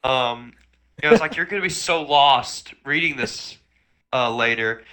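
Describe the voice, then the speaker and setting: A young man co-hosting a podcast, chatting casually and reading out garbled old texts in slow, deliberate voices. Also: medium pitch, sharp tone, clean tone. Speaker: podcast co-host. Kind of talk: casual chat.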